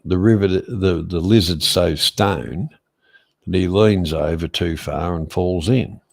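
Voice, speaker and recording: A man in casual chat, slowly telling a long joke and losing his thread. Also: sits low, gravelly. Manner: slow, meandering storyteller who loses his thread.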